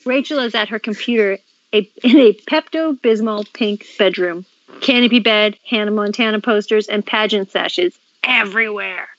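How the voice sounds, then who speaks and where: A woman co-host reading script stage directions aloud in a brisk, matter-of-fact way. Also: mid-range voice, a bit bright, no echo, muffled recording. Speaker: podcast co-host.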